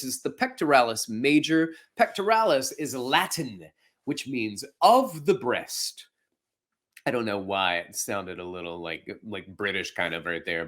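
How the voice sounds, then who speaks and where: Lively, joking male podcast host. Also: mid-range voice. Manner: playful, jokey asides while explaining. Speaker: podcast host and fitness instructor. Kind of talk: casual educational explanation.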